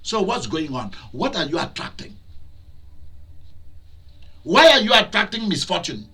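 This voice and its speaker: Male pastor, high and bright, sermon with loud bursts. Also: very animated, slow pace, long pauses, husky. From Nigeria. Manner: preaching with loud outbursts and laughter.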